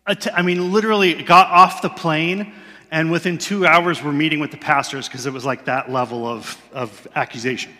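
A man delivers a sermon with a conversational, candid touch, often laughing at himself. His tone is bright and forceful. The sound rings with the long reverb of a large hall. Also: on the high side, moderate pace. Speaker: pastor. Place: church sanctuary.

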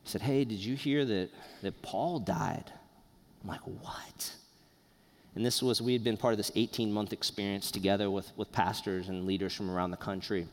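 Earnest pastor preaching in a reverberant church. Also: male voice, lowish voice, fairly even intonation. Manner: earnest, conversational preaching with pauses. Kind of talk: sermon. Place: church sanctuary.

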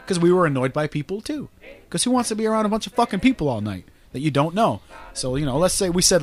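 Animated, profane man telling stories. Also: high voice, fast talker, faint music behind. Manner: profane, rambling, animated storyteller. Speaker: podcast host. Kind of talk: casual storytelling chat.

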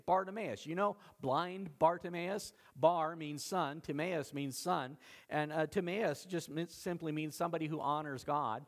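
A male pastor preaching a sermon in a lively, dramatic storytelling manner. His voice sits high and swoops widely as he acts out each scene. He leans hard into the drama of the story. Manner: animated, dramatic storytelling with acted-out quotes.

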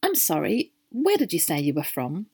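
A woman voicing a brisk, curious middle-aged spinster scientist who speaks crisply and to the point. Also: lowish voice, wildly swooping pitch, a little mellow, heavily acted.

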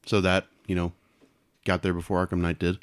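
A man's voice: deep voice, monotone, brisk, smooth, no room sound. A man co-hosting a casual group chat, rambling with many fillers and restarts. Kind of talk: casual group chat about video games.

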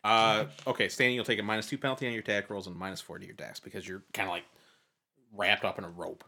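A man acting as game master, narrating a tabletop game with animated energy and frequent laughter. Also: on the low side, quick pace.

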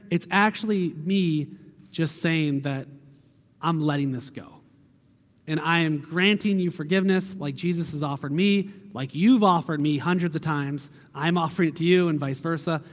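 A middle-aged male pastor with a notably high voice, giving an earnest, conversational sermon. His words carry a long reverb from the church hall around him. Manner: earnest, conversational preaching with a quiet prayer close.

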